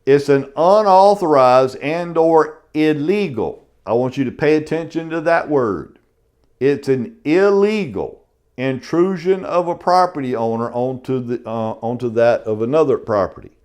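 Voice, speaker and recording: A man's voice: medium pitch, measured pace, a little mellow, smooth. A middle-aged man, teaching a casual real estate lecture in a folksy way and saying "y'all" often. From South Carolina.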